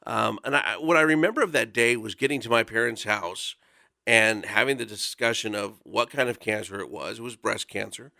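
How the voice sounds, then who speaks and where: A man in his forties tells a personal story in a radio studio, speaking earnestly with plenty of casual fillers. His voice is gravelly and bright, and the sound is dry and close. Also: on the low side, normal speed, dry recording. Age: 40s. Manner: earnest, conversational, with frequent fillers. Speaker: volunteer guest speaker.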